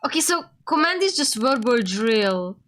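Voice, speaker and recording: A woman's voice: a little high, big pitch swings, normal speed, fairly bright tone. A woman streamer playing a game, reading its text aloud and reacting as she goes. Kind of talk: casual game commentary.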